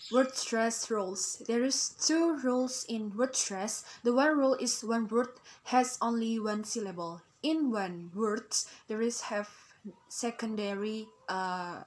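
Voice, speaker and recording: Slow, hesitant young woman student. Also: on the high side, rough recording. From Indonesia. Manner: hesitant, with many fillers and restarts. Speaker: student presenter. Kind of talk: recorded class presentation. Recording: background music.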